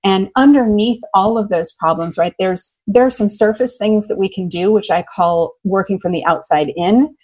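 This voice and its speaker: A middle-aged American woman speaks as a guest in an interview, enthusiastic and animated. Her voice sits at a mid pitch, and she tells her stories with big laughter. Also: normal speed, few pauses. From United States. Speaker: love coach guest. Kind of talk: conversational interview storytelling.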